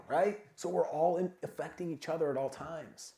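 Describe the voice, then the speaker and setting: A man giving a casual, energetic motivational talk at a sales summit, full of filler words like "like" and "man". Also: a little high, normal speed. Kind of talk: motivational talk to a live audience. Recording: echoey event room.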